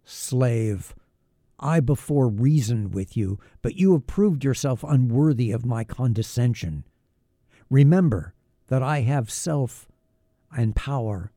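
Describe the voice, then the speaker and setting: A man voicing a wretched, bitter male creature made by a scientist, speaking in a slow, heavy, menacing way in an audiobook reading. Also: medium pitch, animated, warm tone, no echo, clean studio sound. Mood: commanding.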